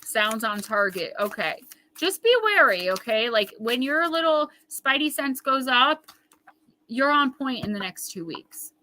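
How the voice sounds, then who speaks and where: A woman's voice: a little high, pushed and bright, slight background noise, low-quality recording. A woman hosting a live card-reading stream, talking straight to viewers in a chatty, emphatic way and riffing on their comments. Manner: reads viewer comments aloud and riffs on them. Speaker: intuitive tarot reader, host.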